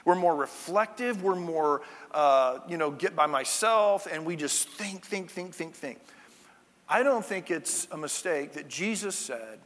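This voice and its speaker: A man's voice: high-pitched, fairly bright tone. A male pastor giving a conversational sermon, with chatty, jokey asides to the congregation, in a church sanctuary. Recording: long church-hall reverb.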